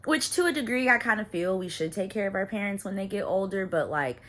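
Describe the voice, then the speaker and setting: A woman's voice: medium pitch, lively intonation, fast, fairly bright tone. Chatty woman recapping a show. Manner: chatty, loose slangy storytelling with frequent asides. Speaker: channel host reviewing a reality show. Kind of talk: casual recap chat.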